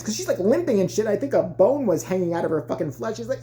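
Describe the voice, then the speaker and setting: A woman's voice: medium pitch, sing-song, quick pace, few pauses, warm tone. A woman vlogger ranting in casual, profane comedic commentary.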